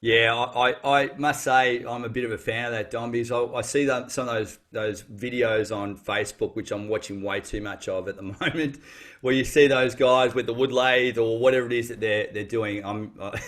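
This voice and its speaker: A man's voice: mid-range voice, fairly even intonation, normal speed, fairly bright tone. A man, a guest on a casual podcast, talking thoughtfully with frequent restarts. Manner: thoughtful, reflective, many restarts.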